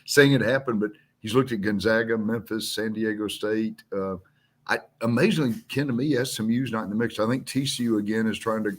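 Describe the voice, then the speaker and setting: Male roundtable guest, lower voice, loose and chatty. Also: brisk. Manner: chatty, loose, chuckling asides. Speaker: sports media guest. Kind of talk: casual radio roundtable chat.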